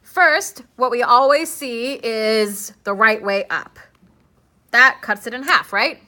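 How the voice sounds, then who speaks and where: Young woman teacher, playful, chatty, bright highish voice, keeps asking the class stuff. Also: slow pace. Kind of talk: live classroom lesson.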